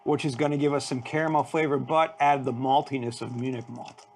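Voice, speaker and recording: A man co-hosting a brewing stream who explains malts and flavors in steady, plain casual talk. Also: medium pitch, a little fast, vocal fry, slight background noise. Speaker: brewer co-host.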